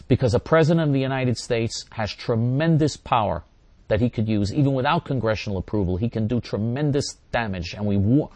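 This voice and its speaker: A man's voice: medium pitch, a little mellow, no echo. Older male talk radio host, emphatic and repetitive, mid-range voice, dry close-miked sound. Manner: emphatic and repetitive, hammering points again and again. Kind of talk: talk radio monologue answering listeners.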